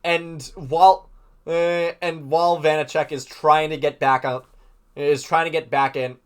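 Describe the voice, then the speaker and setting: A man's voice: fairly high pitch, little pitch movement, measured pace, smooth. A man hosting a podcast, recapping a hockey game in a casual, rambling way full of fillers and restarts. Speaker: podcast host.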